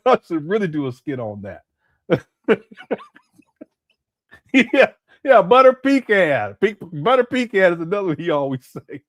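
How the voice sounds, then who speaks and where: Man, slightly high voice, dry close sound; casual, laughing stream commentator. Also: very animated, unhurried, pauses often, dry recording. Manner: laughs often, mocking asides.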